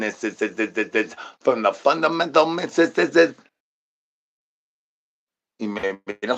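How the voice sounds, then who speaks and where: Bright-voiced man ranting absurd nonsense. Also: mid-range voice. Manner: rambling nonsense with stuttered word repeats; sing-song rhyming catchphrases. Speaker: streamer. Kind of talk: absurd comedic rant.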